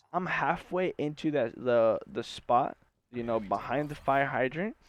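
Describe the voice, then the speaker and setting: A young man, a university student, telling a rambling casual story full of slang and fillers. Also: mid-range voice. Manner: rambling, slangy, says bro and like a lot. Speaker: university student and gaming channel host.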